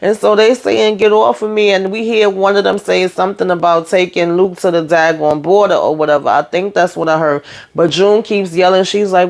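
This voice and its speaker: A woman's voice: fairly low pitch, fairly even intonation, normal speed, creaky. A woman hosting her own channel, casually recapping a TV episode in a chatty, emphatic way, talking straight to her viewers. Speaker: TV show recap host.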